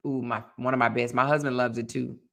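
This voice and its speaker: Woman host, livestream chat, bright tone, chatty, laughs with viewers. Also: very deep voice, level tone, fast, creaky.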